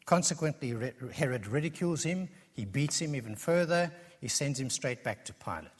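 A man's voice: medium pitch, husky. A man preaching an earnest expository sermon, building his points through emphatic repetition. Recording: long reverb of a large hall.

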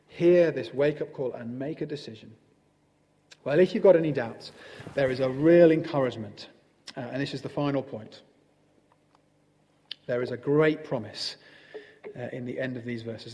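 A man preaching a sermon in a gentle, conversational manner with pauses. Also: medium pitch, big-room sound, a little hiss or hum.

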